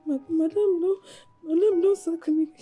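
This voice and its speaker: An actress playing a young Nigerian house cook who pleads and sobs, stammering, with a Nigerian accent. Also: female voice, very high-pitched, steady tone, moderate pace, phone-quality sound. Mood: crying. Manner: sobbing, stammering pleas.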